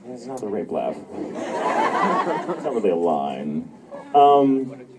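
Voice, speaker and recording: A man's voice: on the low side, big pitch swings, takes it slowly, crowd noise. A man in his thirties, a voice actor telling stories at a fan convention Q&A, laughing often and acting out quotes. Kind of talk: convention Q&A storytelling. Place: convention panel room. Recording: distant fan recording with room noise.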